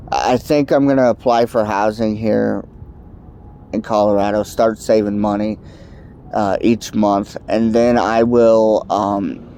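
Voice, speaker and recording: An American man vlogs an angry, emphatic political rant to the camera, sounding congested from allergies. His voice is fairly low and mellow, with slight background noise.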